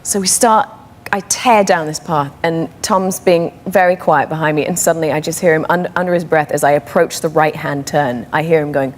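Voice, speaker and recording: Woman telling lively anecdotes. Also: sits low, normal speed. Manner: animated, laughing, acts out quoted voices. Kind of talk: casual talk-show storytelling.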